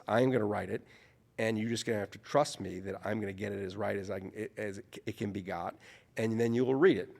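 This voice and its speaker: A man's voice: on the low side, vocal fry, long reverb tail. A man from New Orleans, an author, telling anecdotes as an interview guest, often restarting and correcting himself mid-sentence. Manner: animated, self-correcting storyteller. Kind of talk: anecdotal storytelling in conversation.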